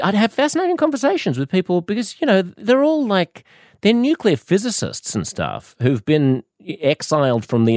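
A man's voice: mid-range voice, darkish tone, no echo, studio quality. A man with an Australian accent telling a rambling, sarcastic comedic monologue, jumping up into mock-innocent questions.

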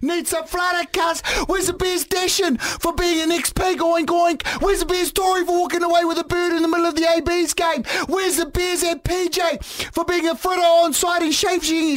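A woman with a New Zealand accent co-hosting breakfast radio, shouting out a brash, crude roll call in rowdy banter. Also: very high-pitched.

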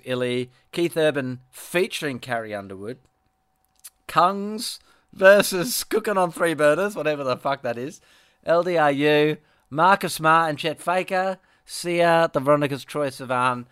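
A man's voice: mid-range voice, a bit bright, smooth, no echo, clean studio sound. A middle-aged man, a musician co-hosting a casual chat, telling a rambling story with frequent laughs and restarts. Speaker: podcast co-host, musician.

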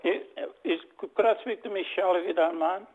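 A man's voice: sits high, brisk, narrow, tinny audio. Wary South African man on phone. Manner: wary, correcting. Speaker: prank call target.

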